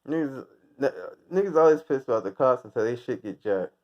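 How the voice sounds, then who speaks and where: A man from the United States rambles through a crude, profane rant and keeps cracking himself up. His pitch swings a lot. The recording is muffled and lo-fi. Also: animated, fairly quick. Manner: rambling, crude, laughs often at own jokes. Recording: dull lo-fi recording.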